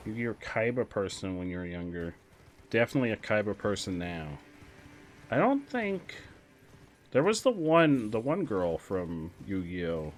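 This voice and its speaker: Young guy, low register, streamer commentary, rambling and casual, jumps up when the action hits. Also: unhurried, a little hiss or hum. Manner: chatty, with sudden excited outbursts.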